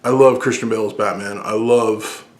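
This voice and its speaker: A man hosting a casual movie podcast, talking excitedly and rambling with frequent restarts as he counts down his favorite films. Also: lowish voice, normal speed. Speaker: podcast host. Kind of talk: casual movie-list talk.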